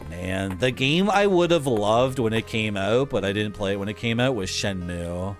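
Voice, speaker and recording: A man streaming a video game and chatting casually, with wry asides to his viewers. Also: lowish voice. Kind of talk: casual gameplay commentary.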